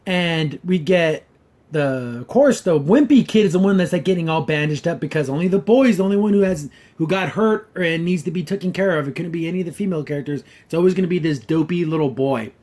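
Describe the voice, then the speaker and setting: Slightly high and a little fast, with a darkish tone, a man reviews a cartoon episode on his podcast. The commentary is rambling and casual, full of "like" and "kinda" hedges, with a wry, critical edge.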